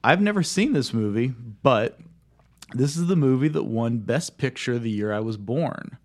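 A man's voice: mid-range voice, animated, moderate pace. Playful man in his thirties hosting. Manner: playful, laughs often while running a quiz. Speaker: host. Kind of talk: casual chat.

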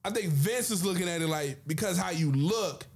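A man chatting casually about wrestling as a podcast co-host, animated and acting out quotes in put-on voices. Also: high-pitched, normal speed, husky.

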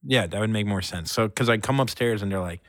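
A man's voice: on the low side, quick pace, a bit bright, no room sound, studio quality. A man co-hosting a podcast, casually telling a long story and laughing often as he rambles. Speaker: podcast co-host.

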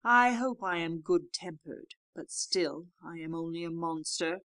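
A sorrowful male beast from a storybook, low and gruff, speaking with humble, awkward politeness, as a woman reader puts him on. The voice is dry and close. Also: measured pace, fairly bright tone, no echo. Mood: sad. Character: gentle, sad, clumsy male beast.

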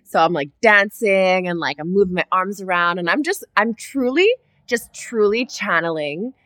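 A woman co-hosting a podcast, telling a story in casual chat, animated, swearing freely and acting out her own reactions. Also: mid-range voice, normal speed, no echo, clean studio sound. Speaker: podcast co-host.

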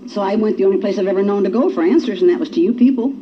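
A woman's voice: mid-range voice, racing, slight background noise. Folksy woman sharing her story. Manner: folksy storytelling with acted quotes. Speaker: speaker sharing at a recovery meeting. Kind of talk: personal testimony talk. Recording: dull lo-fi recording.

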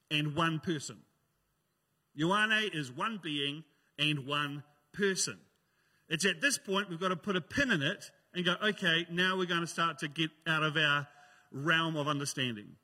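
A man's voice: sits high, bright, forceful tone, in a large hall. A man preaching a sermon in a joking, conversational way. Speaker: pastor.

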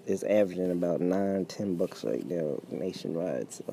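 A man with a very low, gravelly voice talks bluntly in a relaxed chat, swearing freely and laughing often. His tone is dark and mellow. Faint room noise sits behind him. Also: moderate pace. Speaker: podcast co-host. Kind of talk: casual chat.

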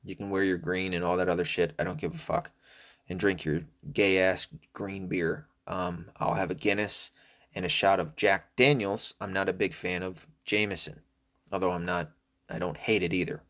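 This is a low-pitched, fairly bright male voice with fairly even intonation and normal speed. A middle-aged solo talker from the American South, he rambles casually, swearing, digressing and leaning on lots of fillers.

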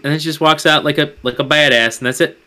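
A man co-hosting a podcast, chatting casually with wry, dry asides and quickly acting out scenes he describes. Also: a little high, steady tone, bright, forceful tone. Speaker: podcast co-host. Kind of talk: casual review chat.

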